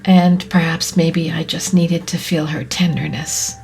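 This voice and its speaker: A woman hosting a podcast, speaking in a soft, often whispery, reflective way, her voice catching with emotion. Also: deep voice, flat delivery, measured pace, vocal fry, soft background music. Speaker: podcast host. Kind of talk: slow reflective monologue.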